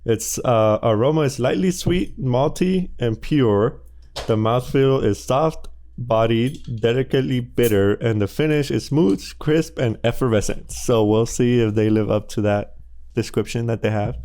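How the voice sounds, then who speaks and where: A man's voice: mid-range voice, a little slow, mellow. A man co-hosting a casual beer review, talking in a laid-back, hesitant way with lots of fillers. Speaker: podcast co-host.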